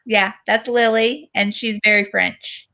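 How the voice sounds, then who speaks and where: A woman's voice: mid-range voice, steady tone, measured pace, vocal fry, pushed and bright. A woman co-hosting a film festival, chatty and rambling with enthusiasm. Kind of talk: casual chat.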